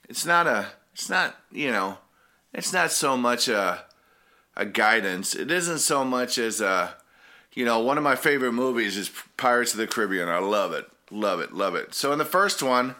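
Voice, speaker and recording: Earnest bright-voiced male preacher. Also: mid-range voice. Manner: earnest, rambling with many restarts. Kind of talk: informal Bible teaching.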